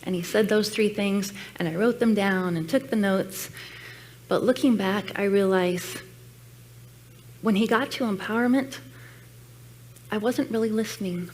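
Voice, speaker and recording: A woman's voice: medium pitch, a little slow, pauses often, darkish tone. A woman giving a personal sermon message at a church, telling her story in an earnest, reflective way. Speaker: guest speaker at church. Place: church sanctuary.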